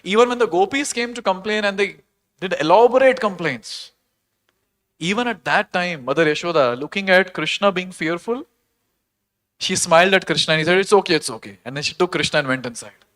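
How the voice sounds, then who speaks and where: A man giving an earnest, animated devotional lecture, telling a sacred story and putting questions to his listeners. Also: high-pitched, brisk. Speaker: temple speaker.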